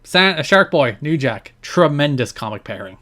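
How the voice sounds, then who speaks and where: A man's voice: on the high side, sing-song, normal speed, a bit bright. A man co-hosting a podcast, chatting in detail about history and laughing often. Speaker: podcast co-host. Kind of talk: casual chat recounting wrestling history.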